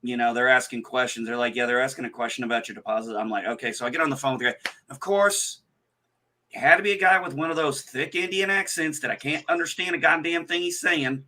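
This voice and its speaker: Bright-voiced man telling a cranky story. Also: a little high, fairly quick. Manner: profane, exasperated storyteller. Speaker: livestream co-host. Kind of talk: casual chat, storytelling.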